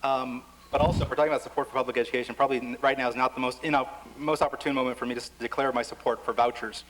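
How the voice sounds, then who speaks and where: A man's voice: mid-range voice, steady tone, very fast, fairly bright tone, low-quality recording. A man speaking on a panel at a public forum in a wry, conversational way, with touches of self-deprecating humor. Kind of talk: panel discussion. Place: lecture hall forum.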